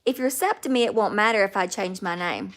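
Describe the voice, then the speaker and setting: Brisk and fairly bright, a medium-pitched woman with a Southern US accent runs a laid-back livestream. She reads comments aloud and talks to viewers by name.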